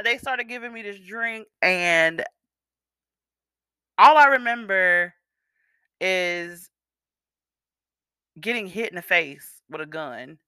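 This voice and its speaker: A woman's voice: mid-range voice, sharp tone, clean tone, no room sound, studio quality. A woman telling viewers a personal story in a candid, profane, conversational storytime vlog.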